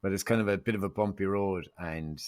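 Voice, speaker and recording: Irish male guest, low-pitched, playful, laughs a lot. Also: brisk, darkish tone. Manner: laughing, playful, jumps into impressions. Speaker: podcast guest. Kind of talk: casual chat.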